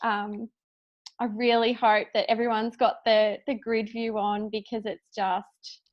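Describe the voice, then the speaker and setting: A woman from Australia with an Australian accent, co-founder and host, speaking haltingly with many fillers and close to tears over a video call. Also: a little high, little pitch movement. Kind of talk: emotional speech on a video call. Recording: dull lo-fi video call audio.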